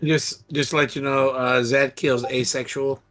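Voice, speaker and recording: A man playing in a tabletop game, asking questions in halting, casual speech. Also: mid-range voice, flat delivery, a bit bright. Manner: inquisitive, halting restarts. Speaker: player.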